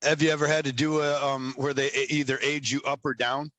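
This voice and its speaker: Male podcast host, teasing banter, bright edge, dry close sound. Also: mid-range voice, level tone, fairly quick, dry recording. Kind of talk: casual podcast chat.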